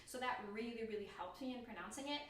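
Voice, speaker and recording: A woman's voice: on the high side, quick pace. A woman whose first language is French, talking casually and thinking aloud in a self-deprecating vlog. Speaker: language learner vlogger. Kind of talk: casual explanatory vlog talk. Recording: very echoey room, distant mic, faint noise.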